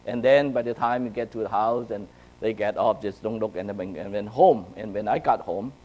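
Lower-pitched and fairly quick, this Chinese man preaches to a young audience as a youth speaker. His personal story swings between hushed and loud, peppered with "right?" and "okay?" The audio quality is poor.

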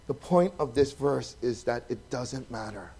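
A pastor, preaching a sermon that swings from loud, emphatic passages to soft, hushed ones. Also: male voice, medium pitch, animated, unhurried, slightly rough. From Hawaii.

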